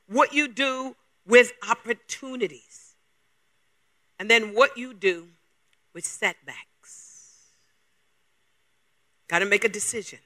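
Male preacher with a very high, bright, forceful voice and an emphatic question-heavy delivery. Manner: emphatic, fires rapid rhetorical questions. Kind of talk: sermon.

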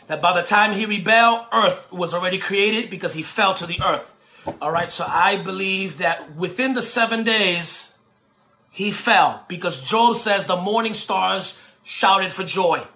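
A man preaching with a very high, bright voice, shouting and hammering phrases over and over. His fiery sermon rings out in an echoey room. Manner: shouting, emphatic repetition, bursts of tongues.

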